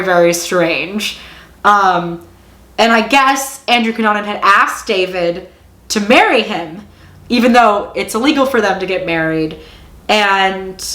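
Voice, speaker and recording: A woman's voice: mid-range voice, a bit bright. A woman casually recapping a TV episode, talking in a chatty way full of fillers and acting out the quotes. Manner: chatty, filler-heavy retelling with acted-out quotes. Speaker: show reviewer. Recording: roomy echo.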